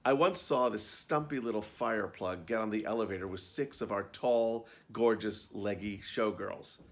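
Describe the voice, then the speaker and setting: A man reads his own memoir about life backstage, telling it wryly and conversationally, as if to a friend. His voice sits low, with a gravelly rasp at the bottom of his register. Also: moderate pace. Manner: wry, conversational storytelling. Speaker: actor and storyteller.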